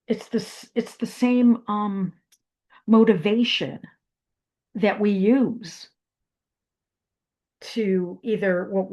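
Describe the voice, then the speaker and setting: A woman's voice: medium pitch, a little mellow. A woman giving a reflective talk on meditation, speaking with fillers and restarts. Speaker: meditation teacher. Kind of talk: spoken wellness talk.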